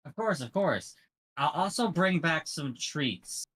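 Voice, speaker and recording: A man's voice: on the high side, expressive, slow, a bit bright, husky. A man playing a tabletop game, chatting playfully in character. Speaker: player. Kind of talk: casual in-character role-play.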